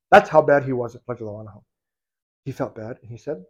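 A man preaching in a storytelling sermon, acting out the people in the story and swinging from loud to hushed. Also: mid-range voice, fast, slightly rough, lo-fi sound. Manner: animated, acts out quoted voices, swings from loud to hushed.

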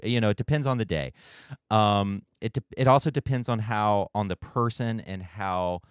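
A man hosts a podcast interview, reflective and hesitant, often restarting his phrases. His lowish voice is clear and resonant, captured in clean studio sound with no room noise.

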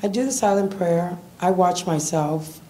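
A woman visiting a church, giving a tearful, halting personal testimony with nervous laughs. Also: on the low side, warm tone, a little hiss or hum.

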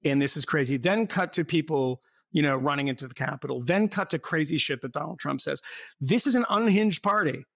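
A man's voice: fairly high pitch, fairly quick, gravelly, a bit bright, no room sound, clean studio sound. A man in casual political chat, rambling and sardonic, often breaking into laughter.

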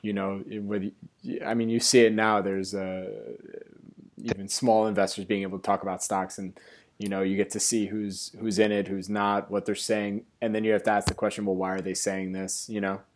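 A man hosting a podcast interview, talking casually and halting as he restarts his sentences. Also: lowish voice, level tone, slight background noise. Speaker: podcast host.

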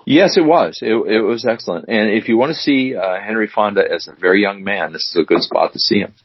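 A man co-hosting a casual chat show, teasing his co-host and reading word definitions out slowly. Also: lowish voice, slightly rough, dry recording. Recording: dull dry lo-fi recording.

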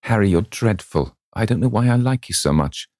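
A man's voice: on the low side, animated, a little fast, a little mellow, dry recording, studio quality, voice pushed up. A man voicing an earnest, romantic young man in a storybook reading, speaking in a raised, eager voice.

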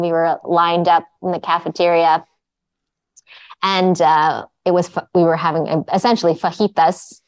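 Woman, yoga teacher guest; lower register, rambling storyteller, dry sound. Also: darkish tone, no echo. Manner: chatty storyteller, many "like"s and restarts. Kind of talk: casual interview chat.

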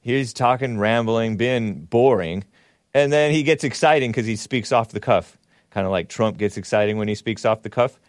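A man's voice: moderate pace, no echo. Mocking male talk show host, dry sound. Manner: mocking, laughing asides, jumpy pitch. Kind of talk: casual political commentary.

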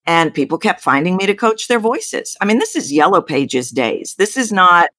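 A Texan woman with a low, deep speaking voice, telling her story with animated leaps up in pitch. The sound is dry and close, with no room around it. She talks like a seasoned voice coach giving an interview. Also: moderate pace, no echo. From Texas. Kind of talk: interview guest.

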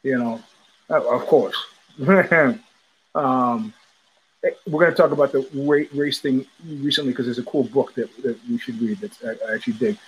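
A man hosting a podcast, telling a story in a loose, animated way and acting out the voices of the people in it. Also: medium pitch, moderate pace, husky, poor audio. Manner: animated, profane, acts out quoted voices. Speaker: podcast host. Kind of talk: casual storytelling monologue. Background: child heard in the background.

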